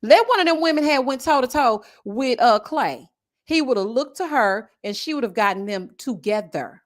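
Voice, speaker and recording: Southern woman host, casual live-stream commentary, sassy and animated, voice a bit high. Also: normal speed. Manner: animated, sassy, drawling asides to viewers. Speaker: reality TV review host. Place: home setup with a desk mic.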